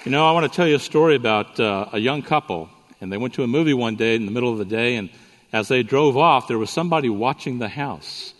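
A man's voice: medium pitch, fast talker, long reverb tail. A man speaking at a Bible conference, telling a joke story and teaching with playful asides to the audience. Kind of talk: conference sermon with humor. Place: conference hall.

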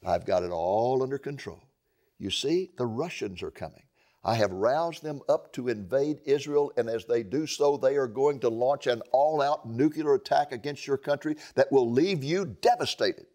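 A man voicing God as a calm, all-powerful figure who answers a preacher's complaint, speaking slowly and low. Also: natural voice.

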